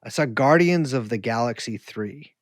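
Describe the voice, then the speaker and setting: A man's voice: mid-range voice, animated, moderate pace, no echo, studio quality. A man co-hosting a podcast, telling rambling, profane, jokey stories in casual chat. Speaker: podcast co-host.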